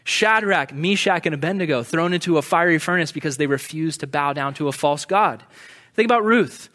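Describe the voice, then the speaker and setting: High-voiced animated male preacher. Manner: animated, acts out quoted voices. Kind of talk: conversational sermon.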